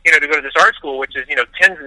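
Man, interview guest, rapid animated storytelling, piercingly bright tone, dry close sound. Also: fairly high pitch, no room sound, rough recording. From Las Vegas, USA. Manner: animated storyteller, frequent restarts. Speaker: interview guest, film director.

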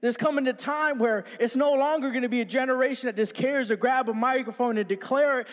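A man preaching an energetic sermon in a small church, bouncing around and calling on the congregation to repeat after him. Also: extremely high pitch, a little fast, big-room sound. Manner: energetic, jumping about; call-and-response with congregation. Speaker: pastor. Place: small church with few people.

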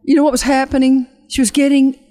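A woman ministry leader telling an emotional testimony and leading an altar call, speaking earnestly with halting restarts and a fervent preaching cadence that slows for emphasis. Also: high-pitched, level tone, warm tone.

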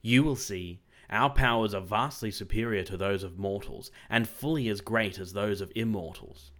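A man voicing a fierce, boastful male king of evil creatures, loud and shouting his defiance. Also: fairly low pitch, moderate pace, lightly acted. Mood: angry.

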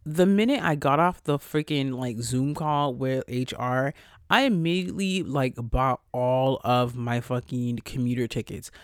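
A young man hosting a podcast, telling a story in a casual, animated, profane way with sassy quoted asides. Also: mid-range voice, unhurried, clear, resonant tone, no room sound, studio quality. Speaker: podcast host. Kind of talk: casual solo podcast talk.

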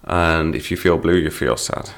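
A man's voice: very deep voice, normal speed. A middle-aged man teaching English phrases through song lyrics, patient and explanatory.

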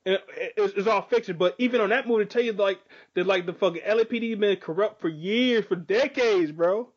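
A man with a high-set voice, rambling through a casual chat in profane slang full of fillers. The sound is a bit muffled and dull. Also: a little fast.

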